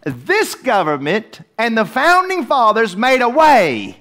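A man's voice: very high voice, wildly swooping pitch, takes it slowly, sharp tone. A man preaching a verse-by-verse Bible study in a church, emphatic and repetitive, not from Australia. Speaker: pastor.

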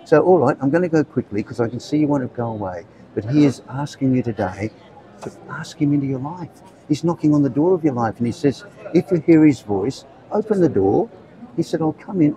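With a fairly high-pitched, mellow voice, an Australian man in his seventies evangelizes to young passers-by on an outdoor street. The recording is rough. Earnest and talkative, he keeps checking in with "right?" and "okay?".

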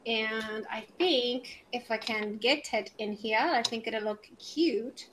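A woman's voice: fairly high pitch, fairly even intonation, slow pace, noisy background. A chatty woman from Puerto Rico hosting a casual live craft video, rambling and greeting viewers by name. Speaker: craft channel host.

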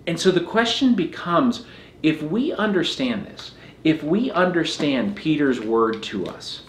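A man's voice: on the high side, sing-song, measured pace. Earnest male pastor preaching in an echoey room. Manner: earnest, repeats phrases while preaching. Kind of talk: sermon.

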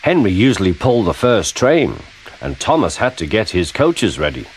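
Animated male storybook narrator. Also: lowish voice, normal speed. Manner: expressive, animated. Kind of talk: storybook read-aloud narration. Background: background music.

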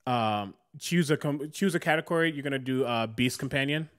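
A man's voice: medium pitch, a little fast, fairly bright tone. A man running a tabletop game as game master, narrating casually with many fillers.

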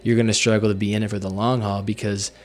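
A man's voice: on the low side, little pitch movement, fast, a little mellow. A man hosting a podcast interview, affirming and encouraging his guest. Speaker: podcast host. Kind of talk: casual interview.

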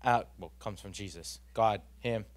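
A man's voice: fairly low pitch, moderate pace. A young man, giving an earnest, rambling personal testimony at a church youth gathering, full of fillers and restarts.

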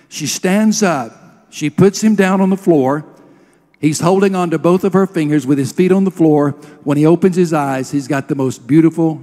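High-voiced preacher in a reverberant hall. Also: male voice, darkish tone. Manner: storytelling, emotional. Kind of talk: sermon.

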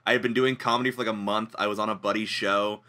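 A man's voice: lowish voice, fairly even intonation, fast talker, pushed and bright. A man from small-town Ontario, a comedian guest on a casual podcast, talking in a blunt, loose way with plenty of swearing. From small-town Ontario, Canada.

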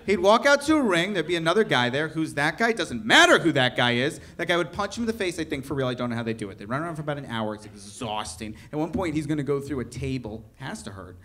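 A man's voice: fairly high pitch, animated, fast talker, few pauses, sharp tone. A young man performing a stand-up comedy set, ranting in mock outrage to a live crowd. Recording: live venue with audible audience laughter. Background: audience laughter.

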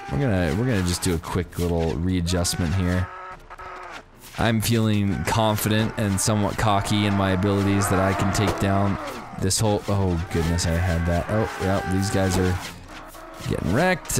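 Man, gameplay commentary, excitable, low-pitched, loud game music behind. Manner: animated, exclaims often. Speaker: gaming video host.

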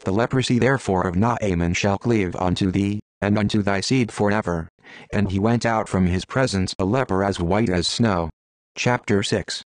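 A man giving a measured, solemn reading of King James scripture. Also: fairly low pitch, no room sound. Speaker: Bible reader.

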